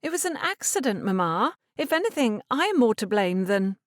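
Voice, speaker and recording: A woman's voice: on the high side, big pitch swings, normal speed, no echo, clean studio sound, voice pushed up. A woman narrator voicing an earnest young lady in an audiobook, protesting in a pleading tone.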